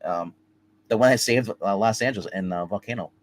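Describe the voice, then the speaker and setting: A man with a lowish voice retells an action film scene by scene in a casual, rambling way. He stumbles and restarts often, acting out quotes as he goes. It sounds like a loose, friendly chat between two reviewers. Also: brisk. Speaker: movie review co-host. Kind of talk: casual movie recap chat.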